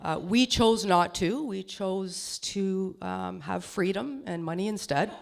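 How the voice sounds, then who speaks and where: A woman's voice: mid-range voice, slow pace, creaky, background noise. A middle-aged woman with a lisp doing a self-deprecating stand-up comedy set on stage, laughing at her own jokes. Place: small comedy stage before an audience.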